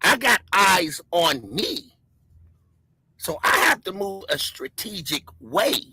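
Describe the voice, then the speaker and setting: A middle-aged woman giving a loud, excitable, repetitive conspiracy commentary. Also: medium pitch, takes it slowly, creaky, slightly rough, no room sound, poor audio. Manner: emphatic, preachy. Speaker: commentary streamer.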